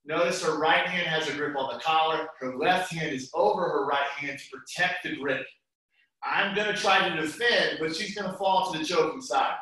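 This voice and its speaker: A man with a voice on the high side, speaking at normal speed, teaches a live jiu-jitsu class over a video call. He coaches steadily, taking students through moves step by step and calling them guys. The recording is echoey, and his voice sounds far off.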